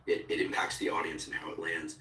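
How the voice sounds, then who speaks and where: A low-voiced man hosts a relaxed interview, curious and plain-spoken. His voice sounds bright and forceful. The recording is roomy and a little off mic. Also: fast, recorded from a distance. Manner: curious, explains things plainly. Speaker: podcast host. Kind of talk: casual interview chat.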